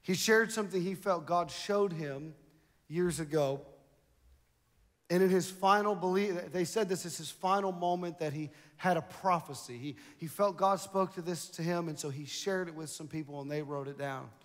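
A man's voice: on the high side, moderate pace, long reverb tail. A man preaching a sermon as pastor, building emphasis and repeating phrases for the congregation. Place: large church hall.

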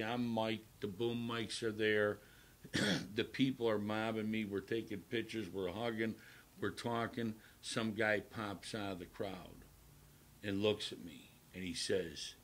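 A man in his sixties, a talk show guest, telling a personal story emphatically and repeating his phrases. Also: on the low side.

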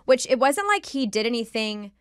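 A woman guest on a casual podcast, telling a story in an animated way and swearing freely, close to the mic. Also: on the high side, normal speed, smooth, dry recording.

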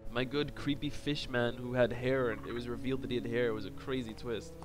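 A man's voice: medium pitch, little pitch movement, a little fast. A man streaming a game live, joking and chatting playfully with viewers. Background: game music.

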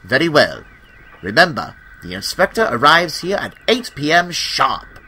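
A posh, excitable lord played by a man with a raised, animated voice. He sounds pompous and delighted with his own plans. The tone is bright and forceful, like a storybook aristocrat. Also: on the high side, unhurried, breathy edge, pitched above the performer's own voice, exaggerated voice. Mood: excited. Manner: pompous, enthusiastic.

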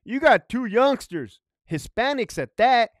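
Animated ex-prison guard telling stories. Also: male voice, very high voice, measured pace, dry recording, clean studio sound. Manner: profane, emphatic, conversational with frequent "right?". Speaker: former prison guard storyteller. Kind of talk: casual storytelling monologue.

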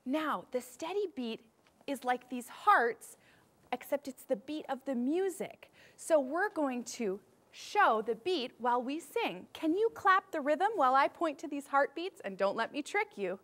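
A young woman guides a children's music class in a high, bouncy voice. Her pitch swoops up and down as she cheerfully calls out warm-ups and prompts for the class to echo back. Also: sing-song, a little slow. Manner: cheerful, leads call-and-response drills. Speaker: music teacher.

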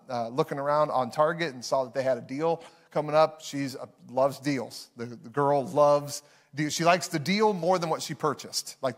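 A man, preaching a sermon in a conversational, self-deprecating storytelling way to a live congregation. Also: on the high side. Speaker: pastor.

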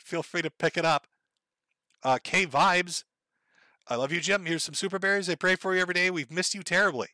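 A man's voice: fairly high pitch, no room sound. A man from Minnesota hosting a livestream, reading viewer donations aloud with sardonic, profane asides. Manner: sardonic, profane, reads messages aloud in a flat wry tone. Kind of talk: casual livestream chat.

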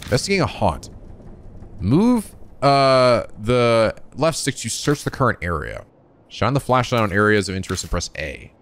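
A man hosting a let's play, reading the game text aloud and reacting with excitable commentary. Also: medium pitch, moderate pace.

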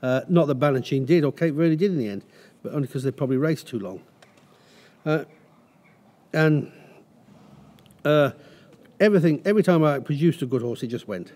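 A man's voice: a little high, expressive, normal speed, pauses often, darkish tone. A middle-aged man, a racehorse trainer, telling rambling anecdotes in a casual interview. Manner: rambling anecdotes with restarts and acted quotes.

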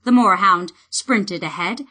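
A woman narrating a fantasy novel in a measured, expressive way. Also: medium pitch, slightly rough. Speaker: audiobook narrator.

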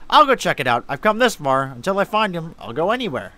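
A man voicing an earnest, determined young man in a horror video game, reading in a steady way. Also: a little high, fast talker.

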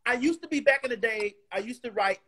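A woman's voice: on the high side, quick pace, a crowd in the background. A woman guest on a talk show, chatting casually and emphatically with slang, repeating words and quoting scripture like a preacher. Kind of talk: casual interview chat.

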